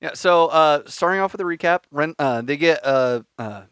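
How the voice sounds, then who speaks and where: A man's voice: on the high side, lively intonation, normal speed, fairly bright tone, clean tone, no room sound, studio quality. A man hosting a podcast, casually recapping an episode in a rambling way with filler words and swearing. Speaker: podcast host.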